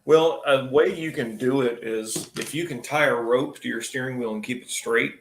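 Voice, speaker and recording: Gravelly-voiced mechanic chatting casually. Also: male voice, medium pitch, normal speed, reverberant, a little hiss or hum. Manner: blunt, profane, explains shop work. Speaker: auto technician and host. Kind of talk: casual live-stream chat.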